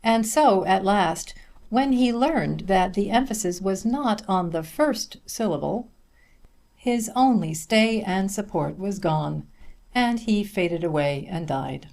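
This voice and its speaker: A man reading a humorous essay aloud as an audiobook narrator, with a measured, dry delivery. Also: sits high, animated, creaky, darkish tone.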